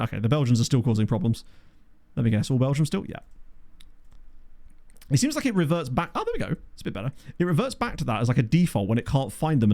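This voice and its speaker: Chatty man with a lively, bouncing voice. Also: mid-range voice. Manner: chatty, thinking aloud, frequent excited exclamations. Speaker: game commentator. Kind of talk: casual gameplay commentary. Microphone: desk microphone.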